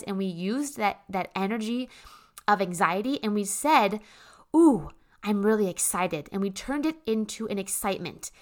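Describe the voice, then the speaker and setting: A woman hosting a self-help show, talking to listeners in a bubbly, chatty monologue full of fillers and asides. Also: medium pitch. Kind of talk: casual motivational monologue.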